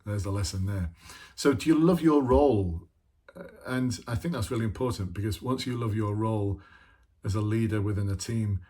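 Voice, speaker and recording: A middle-aged former police officer, now a leadership trainer, gives an informal coaching talk packed with rhetorical questions. His voice is lowish, dark and slightly rough, and his manner is conversational as he asks question after question and talks to himself.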